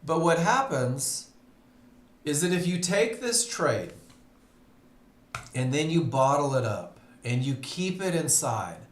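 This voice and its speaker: Male trading instructor, fairly high voice, unhurried delivery, echoey room, webinar mic. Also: sing-song. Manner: conversational, asks the audience questions. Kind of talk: live webinar teaching. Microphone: computer mic on a live webinar.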